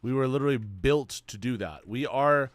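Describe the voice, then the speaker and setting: A young man streaming, chatting casually in a rambling, slang-heavy, excitable way. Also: medium pitch, normal speed, no echo. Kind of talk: casual chat.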